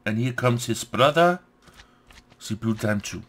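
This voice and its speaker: A man's voice: mid-range voice, expressive, unhurried, fairly bright tone, a little hiss or hum. A man hosting a let's play, talking himself through crafting steps and muttering "yes, yes" to himself. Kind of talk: gameplay commentary.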